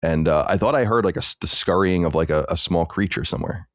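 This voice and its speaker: A man's voice: low-pitched, quick pace, no echo, clean studio sound. A man co-hosting a podcast, chatting casually in a rambling, filler-heavy way. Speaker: podcast co-host. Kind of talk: casual chat.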